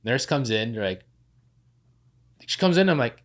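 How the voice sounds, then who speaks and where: A young man as a podcast guest, telling his story in a casual, animated way and acting out quoted voices. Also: medium pitch, normal speed. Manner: animated, acts out quoted voices, many fillers like "like".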